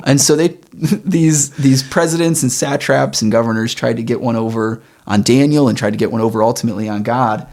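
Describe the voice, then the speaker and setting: A man co-hosting a church podcast, reading Bible passages aloud and retelling them in relaxed modern slang. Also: medium pitch, moderate pace. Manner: relaxed, paraphrases the story in modern slang with chuckles. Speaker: podcast co-host. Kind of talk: casual Bible discussion, reading scripture aloud.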